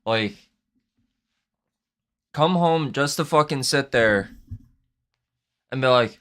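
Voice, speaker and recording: A young man on a live stream, venting in a frustrated rant packed with swearing. He sounds sick and worn down, his voice at an ordinary middle pitch as he keeps circling back to how angry he is. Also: slow, pauses often, a bit bright.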